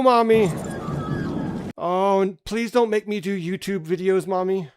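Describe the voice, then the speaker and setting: A man's voice: sits high, darkish tone, clean tone, voice pushed up. A man putting on the voice of a scared, whimpering little boy who pleads with his mother. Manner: pleading, whiny.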